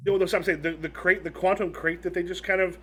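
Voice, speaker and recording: A man's voice: sits high, fairly even intonation, fast talker, bright, forceful tone, a little hiss or hum. A man running a tabletop game as game master, rambling and restarting as he describes the scene. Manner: rambling, many restarts and fillers.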